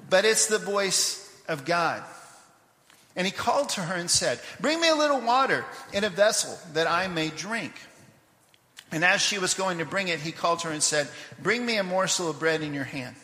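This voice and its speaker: A man preaching a sermon, telling a scripture story in a lively way with asides to the congregation; he grew up in Papua New Guinea. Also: sits high, normal speed, echoey room, big-room sound. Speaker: pastor. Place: church sanctuary.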